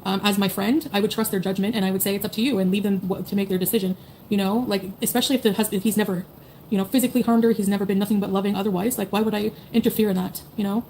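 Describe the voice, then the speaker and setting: Woman streamer in her 30s, rapid and blunt, swears freely, faint background hiss. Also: medium pitch, steady tone, mellow. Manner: blunt, profane, rambling with many "like"s and "you know"s. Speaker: streamer talking to chat. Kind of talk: casual livestream chat.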